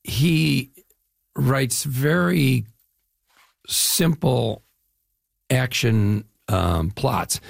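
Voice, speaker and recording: An older man from the Chicago area, an actor, talking through an interview in a relaxed storytelling way. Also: fairly low pitch, vocal fry, no echo, clean studio sound. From Chicago area, US Midwest. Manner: relaxed storytelling, drawn-out phrases, frequent "yeah". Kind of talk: casual interview conversation.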